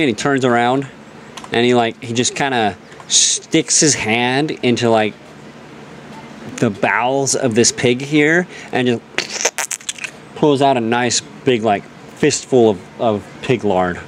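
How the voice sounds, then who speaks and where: A man's voice: medium pitch, slow pace, slight background noise. A man narrating a tabletop game as game master, joking and often restarting his sentences. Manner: animated, joking, self-interrupting.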